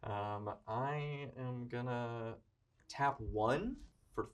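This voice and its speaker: A man calmly playing a tabletop card game, explaining his moves with many fillers and pauses. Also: medium pitch, distant mic, heavy background noise. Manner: halting, counts aloud, many fillers. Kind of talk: casual tabletop play.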